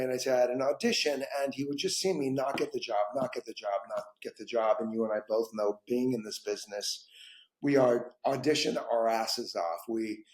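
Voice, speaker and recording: A man who is an actor, telling stories in a casual conversation, lively and expressive. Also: mid-range voice, moderate pace. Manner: animated storyteller, voice rising and dropping through anecdotes. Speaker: guest actor. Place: home, dog nearby. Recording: echoey room.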